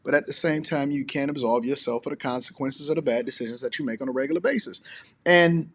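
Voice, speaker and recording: Guy hosting a commentary show, mid-pitched, blunt, hammers the same point again and again. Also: quick pace. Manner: blunt, emphatic, repetitive. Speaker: host.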